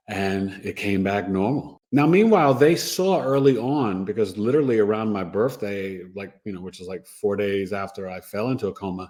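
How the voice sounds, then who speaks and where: A man's voice: low voice, a little mellow. A man from New York, a guest recounting his own experience in an earnest, emotional way with frequent restarts. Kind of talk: personal storytelling.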